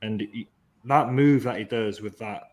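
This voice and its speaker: Low-voiced man analysing football. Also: a little slow, a little mellow. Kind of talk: casual football podcast chat.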